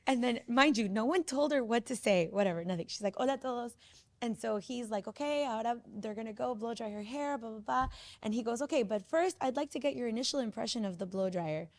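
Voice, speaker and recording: Woman with a slightly gravelly voice telling a story. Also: on the high side, quick pace. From grew up in the 1990s. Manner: animated storytelling, acts out quoted voices. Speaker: podcast host. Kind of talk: casual chat.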